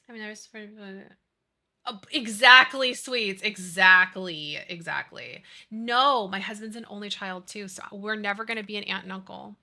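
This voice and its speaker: A woman in her thirties chats with her viewers on a live stream, gushing and answering their messages one after another. Her voice is very bright and sits at a middle pitch. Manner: chatty, gushing, reads chat aloud. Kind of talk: casual live-stream chat.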